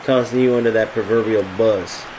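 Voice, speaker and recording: A man's voice: lowish voice, steady tone, a little fast, noisy background. A man streaming a game, ranting casually and profanely to his chat. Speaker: gaming streamer.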